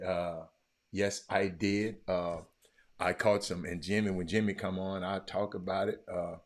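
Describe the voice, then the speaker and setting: Casual live-stream host, man, deep voice, rambling, repeats lines. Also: little pitch movement, measured pace. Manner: rambling, repeats himself, reads chat aloud.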